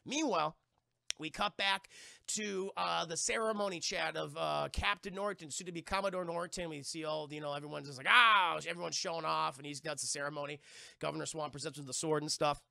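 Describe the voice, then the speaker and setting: A man's voice: fairly high pitch, a little fast, vocal fry, no echo, clean studio sound. A man streamer giving a rambling, profane recap of a movie to his chat. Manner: crude, excitable, heavily profane.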